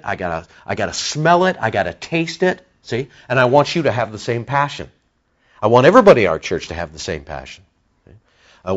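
A man preaching a sermon to his church congregation, surging loud on key words and then dropping low and soft. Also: muffled recording. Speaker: pastor. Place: church sanctuary.

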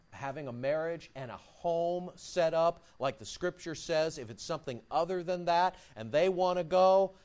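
A male pastor preaching a sermon, acting out quotes and swinging from quiet asides to loud, high bursts. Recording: dull lo-fi recording.

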